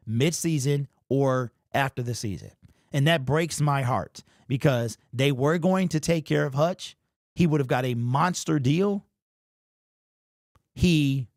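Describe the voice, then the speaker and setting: A man's voice: a little high, dry recording, clean studio sound. Emphatic man hosting sports talk. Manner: emphatic, emotional, talks straight to the player. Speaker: sports show host. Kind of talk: live-stream sports talk with chat.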